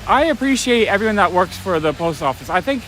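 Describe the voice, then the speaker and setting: A New man with a fairly high voice rambles casually as he walks and streams from his phone. He sounds a little short of breath at times. Faint street traffic hums behind him outdoors. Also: sing-song, a little fast, fairly bright tone. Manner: rambling, talks while walking, out of breath at times. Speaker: comic shop owner vlogger. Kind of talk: casual live-stream walk and talk. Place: outdoors on a rainy city street at night.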